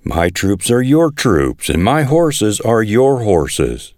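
A man's voice: lowish voice, very animated, takes it slowly, darkish tone, dry recording, voice pushed up. Earnest devout king, friendly, read by a man, dry close sound. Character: agreeable ancient king, cautious and devout. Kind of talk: scripture reading.

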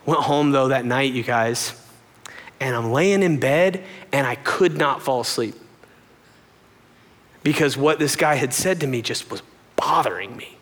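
A young adult man preaching a sermon, telling a personal story in an animated way and jumping up high in pitch when he acts out what people said. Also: measured pace, pauses often. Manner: animated storytelling, voices quoted lines in a much higher pitch. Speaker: pastor. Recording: long hall reverb.

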